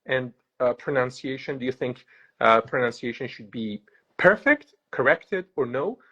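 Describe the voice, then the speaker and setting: A man's voice: medium pitch, lively intonation, normal speed, fairly bright tone, husky, dull audio. A man with an American accent hosting a casual interview, hesitant and full of filler sounds, heard over a video call. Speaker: host.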